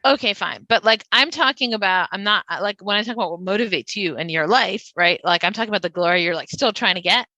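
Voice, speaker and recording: Female philosopher co-host, bright voice, dry close sound, probing questions, filler-heavy. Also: medium pitch, quick pace, few pauses, dry recording, muffled recording. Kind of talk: casual intellectual conversation.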